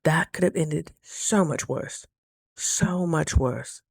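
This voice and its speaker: A woman's voice: sits low, slow pace, vocal fry, a little mellow, dry recording, studio quality. A woman telling a story to her viewers in a casual, chatty vlog and calling them "girl.". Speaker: vlogger.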